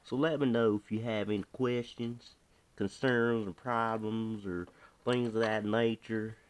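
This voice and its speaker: A man's voice: lowish voice, fairly even intonation, unhurried, clean tone. A man casually talking through a hands-on repair tutorial, slangy and chatty, talking to himself as he works. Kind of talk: casual how-to narration while working.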